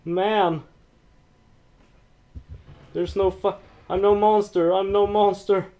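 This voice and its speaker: A man livestreaming a horror game, reacting in frightened, swearing outbursts and nervous laughs. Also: takes it slowly. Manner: lively, dramatic pitch swings between yelps and mutters. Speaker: livestream gamer.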